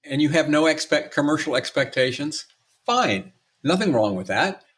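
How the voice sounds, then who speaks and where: A man's voice: on the high side, lively intonation, breathy edge. An older man, an entertainment lawyer guest on a podcast, telling stories theatrically and slipping into mimicry and jokes. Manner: theatrical storyteller, quick to mimic and joke. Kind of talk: conversational podcast interview.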